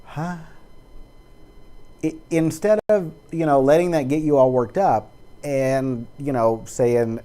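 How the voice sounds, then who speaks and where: A man's voice: mid-range voice, takes it slowly, pauses often, mellow. A man talking into his webcam in a casual personal monologue, rambling with many fillers and false starts.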